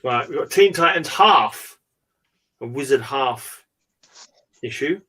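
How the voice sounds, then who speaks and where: A man's voice: mid-range voice, animated, slow pace, bright, forceful tone. A man hosting a casual online hangout, chatting and rambling as he flips through items. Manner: rambling, chatty, trails off and restarts. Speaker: podcast host. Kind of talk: casual chat. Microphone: video call hangout.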